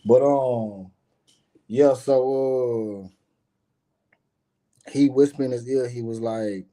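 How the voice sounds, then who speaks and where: A man's voice: mid-range voice, slow pace, pauses often, mellow. A middle-aged man, a guest on a live stream, telling a personal story in a casual, emphatic and profane way, often turning to speak straight to his listeners.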